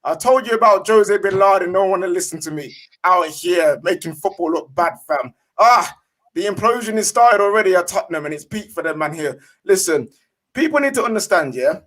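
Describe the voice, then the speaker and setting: A man's voice: sits high, animated, a little fast, a bit bright. A man giving an emphatic, slang-heavy fan rant as a panelist.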